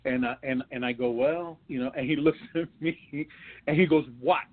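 A man's voice: mid-range voice, fairly even intonation, moderate pace. Man telling stories over a tinny line. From New York. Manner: rambling anecdotes with many restarts and laughs. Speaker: actor guest. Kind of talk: casual storytelling interview.

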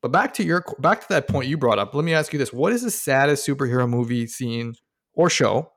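A man co-hosting a casual podcast chat. He talks excitedly, swears freely and keeps asking questions. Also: mid-range voice, fairly quick. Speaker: podcast co-host.

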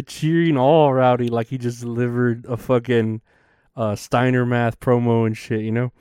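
A male podcast host rambles through a casual monologue, swearing freely and leaning on fillers. His voice is smooth and clear. The sound is dry and close. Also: mid-range voice, little pitch movement, normal speed, darkish tone, no echo. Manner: profane, rambling, with many fillers.

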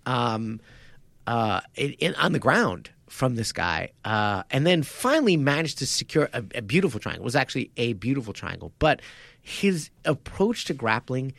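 A man on a podcast, chatting casually about martial arts fights, animated and quick to laugh as he acts out his own reactions. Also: mid-range voice, gravelly, no room sound. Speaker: podcast co-host. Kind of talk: casual sports chat.

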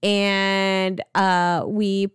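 A young woman co-hosts a casual podcast, rambling happily through movie talk with plenty of ums and the odd curse. Her voice is strikingly smooth and clear. It sounds close and dry, with no room around it. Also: mid-range voice, little pitch movement, very slow, no room sound. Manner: chatty, rambling with many fillers and swearing. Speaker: podcast co-host. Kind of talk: casual chat about movies.

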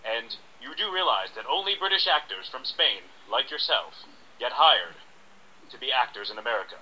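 Brief: man as a slick, lecturing acting teacher, very bright, sharp voice. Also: medium pitch, expressive, husky, exaggerated voice, poor audio. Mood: smug. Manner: smug, lecturing, drawn-out emphasis. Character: pompous scamming male acting coach. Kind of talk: improvised radio sketch.

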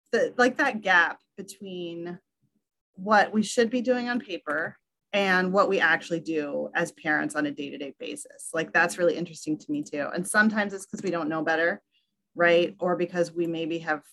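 A woman hosts a casual interview conversation, engaged and reflective, thinking aloud as she answers. Her voice sits slightly low. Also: gravelly, sharp tone. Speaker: podcast host.

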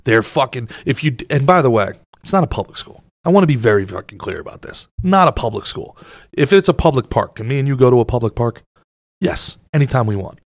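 A man's voice: mid-range voice, lively intonation, a little fast, no room sound. A man from New Jersey, a podcast host, ranting in crude, casual banter and mocking others in put-on voices.

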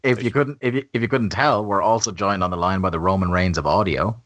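A man hosting a casual podcast, quick teasing banter and frequent laughs. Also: deep voice, a bit bright, no room sound. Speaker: podcast host.

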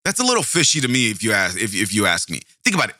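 Brief: a rambling male true-crime podcaster, sharp and forceful, in a dry close recording. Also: fairly low pitch, wildly swooping pitch, racing, dry recording. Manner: rambling, self-interrupting, swears casually. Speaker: podcast host.

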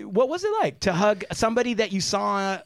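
A man's voice: high-pitched, animated, fairly quick. A man hosting a podcast, asking questions in a playful, teasing way. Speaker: podcast host. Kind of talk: casual chat.

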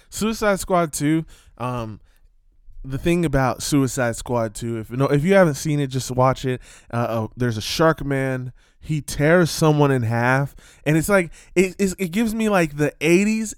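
Man, vlogger rant, smooth clear voice, dry close sound, loud outbursts. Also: a little high, dry recording. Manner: animated, swearing, jumps between topics with loud outbursts. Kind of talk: casual ranting commentary.

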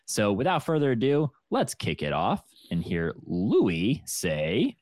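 A man hosting a podcast in casual chat, upbeat and quick to laugh. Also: on the low side, a little hiss or hum. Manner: upbeat, laughing, lively presenter. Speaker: podcast host.

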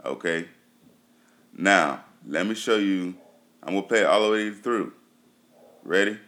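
A man's voice: sits low, measured pace, fairly bright tone. A man casually reviewing TV shows for his viewers. He talks loosely, with lots of fillers, and repeats himself for emphasis. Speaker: TV show reviewer.

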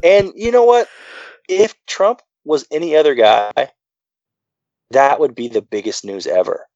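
A man's voice: on the high side, a little slow, darkish tone, no echo, highs cut off. A man co-hosting a casual political chat, rambling with many fillers and restarts. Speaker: podcast co-host.

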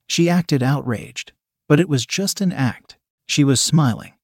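A man narrating a first-person story in a quiet, even reading voice. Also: a little high, measured pace, breathy edge, no echo, studio quality.

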